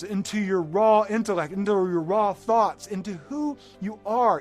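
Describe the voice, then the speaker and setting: Man, middle-aged, life coach, high voice, animated motivational talk, faint background music. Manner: animated, acts out scenes in excited bursts.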